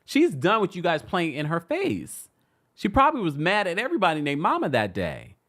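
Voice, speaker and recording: A woman hosting a live-stream celebrity gossip recap, hoarse, chatty and laughing often, stopping and restarting her sentences. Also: lowish voice, brisk. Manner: animated, laughing, self-interrupting.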